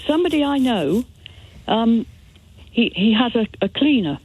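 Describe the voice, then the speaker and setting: A woman's voice: a little high, sing-song, normal speed, darkish tone, breathy edge. A woman calling a radio show, telling rambling anecdotes. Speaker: caller. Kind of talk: phone-in call chat. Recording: tinny phone line.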